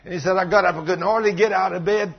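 A man preaching a sermon, telling a story and acting out the voices in it, with sudden loud bursts. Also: high-pitched, steady tone, quick pace, vocal fry, husky. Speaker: pastor. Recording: muffled lo-fi sound.

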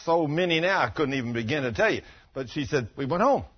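A man in his sixties preaches a folksy testimony sermon, telling animated stories and acting out the voices of the people in them. His fairly high voice moves at a quick pace with a breathy edge, and the recording has its highs cut off.

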